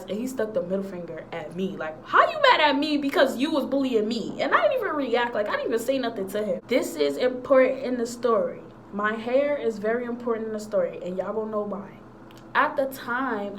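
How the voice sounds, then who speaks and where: A young woman telling a story from her school days in a casual, animated way, acting out what people said. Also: mid-range voice, a little hiss or hum, poor audio. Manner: animated, acts out quotes, slangy. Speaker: storyteller vlogger.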